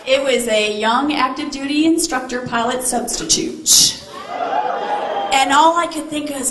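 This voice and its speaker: A woman delivers a motivational keynote in a high, bright voice. She takes her time and tells her story theatrically, with playful asides to the audience. Her words echo through a large hall over a faint hum of ambience. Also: takes it slowly.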